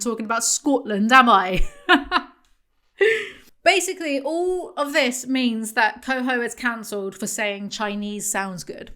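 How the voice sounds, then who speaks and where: A woman's voice: on the high side, normal speed, sharp tone. Sarcastic young woman rambling. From southwest England. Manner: sarcastic, rambling, swears freely. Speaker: YouTuber. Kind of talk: comedic commentary vlog.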